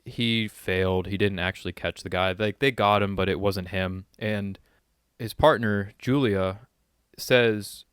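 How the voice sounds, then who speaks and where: A man with a lowish, smooth, clear voice recaps a film's plot on a podcast. He talks in halting, reflective phrases, and the recording is dry and close. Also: fairly even intonation, a bit bright, no room sound. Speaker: podcast co-host. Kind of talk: casual movie discussion.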